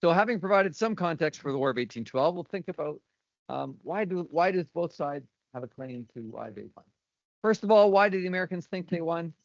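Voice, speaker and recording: Guy lecturing off his notes, kinda high voice, dull dry recording, trips over words sometimes. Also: expressive, a little fast, vocal fry, dry recording. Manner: reads notes aloud with dry asides and filler stumbles. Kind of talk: academic lecture read from notes. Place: university lecture hall.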